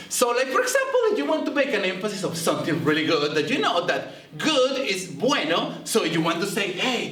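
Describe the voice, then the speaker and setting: Lively man teaching Spanish words. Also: sits high, reverberant, recorded from a distance. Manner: animated, teasing, drawn-out Spanish words. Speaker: student Spanish word-of-the-week presenter. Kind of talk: playful school news segment.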